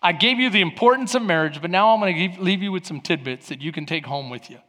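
A pastor preaches with a notably high-pitched man's voice, telling stories and slipping into the voices of the people he quotes. His words ring out with a long echoing reverb, as if filling a large sanctuary. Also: quick pace. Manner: lively storytelling preacher, acting out quoted voices. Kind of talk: sermon.

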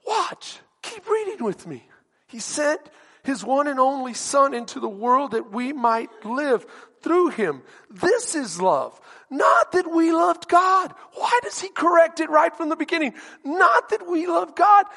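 A man's voice: very high-pitched, big pitch swings, unhurried, gravelly, sharp tone, big-room sound. A male pastor preaching a sermon, emphatic and questioning his congregation directly.

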